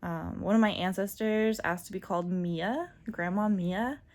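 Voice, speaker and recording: A woman's voice: medium pitch, moderate pace. A woman talking casually and candidly in a personal vlog, full of fillers and asides. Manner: chatty and candid, many fillers, laughs often. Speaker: vlogger.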